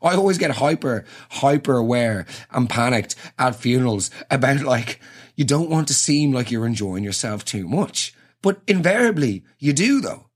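A man's voice: medium pitch, lively intonation, normal speed, slightly rough. A young Irish man giving a rambling, sweary comic monologue and acting out little scenes.

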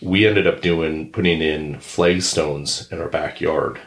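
A middle-aged man with a low, deep voice spins a casual story as a podcast co-host, acting out the people in it. His voice bounces around an echoey room. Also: takes it slowly. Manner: animated anecdote teller who acts out others' yelling. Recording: roomy echo.

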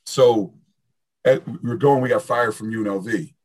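A middle-aged man, a strength coach, telling stories in a lively interview and acting out the quoted dialogue. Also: medium pitch, moderate pace, slightly rough. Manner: animated storyteller, acts out quoted dialogue. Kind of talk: fast casual interview talk.

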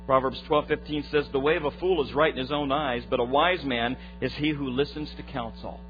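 A man preaching as a pastor, giving a short devotional in an earnest way that grows lively when he retells a story. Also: mid-range voice, fairly quick, faint music behind. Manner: earnest preaching that turns lively and loud in retold stories. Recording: dull lo-fi recording with faint mains hum.

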